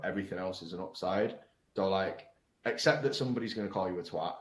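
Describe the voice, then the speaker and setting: A man speaking as a guest in a casual interview, blunt, frank and sweary. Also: deep voice. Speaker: guest, online coaching business owner. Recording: roomy echo.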